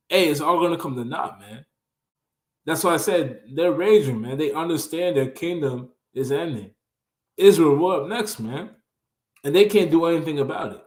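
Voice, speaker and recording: Guy preaching hard over scripture, slightly high voice, lots of "man", roomy echo. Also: moderate pace, darkish tone. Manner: preachy, keeps tagging lines with "man". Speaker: show regular reading and commenting on scripture. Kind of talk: fiery religious commentary.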